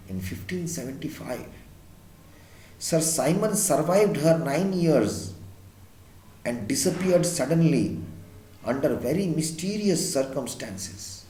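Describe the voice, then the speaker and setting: A man reading aloud as a quiet, solemn elderly woman housekeeper, speaking low in a roomy room. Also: close to an everyday voice.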